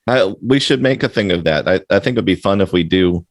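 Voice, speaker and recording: A man hosting a relaxed podcast conversation, chiming in with short agreements and brief questions. His voice sits low. The recording is dry, with no echo around him. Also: a little fast. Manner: brief affirming interjections. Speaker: podcast host. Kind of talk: casual conversation.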